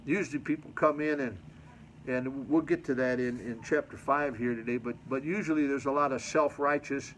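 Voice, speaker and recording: A man's voice: medium pitch, moderate pace, a bit bright, a little hiss or hum, low-quality recording. A male pastor preaching a sermon at a mission church, reading scripture and adding folksy, colloquial commentary to his congregation.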